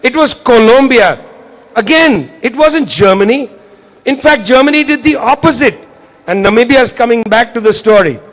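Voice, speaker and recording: A man's voice: very high-pitched, expressive, normal speed, a bit bright. A man giving a keynote political speech, impassioned and driving points home through repetition. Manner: impassioned, repetitive rhetorical emphasis. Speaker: keynote speaker. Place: event hall.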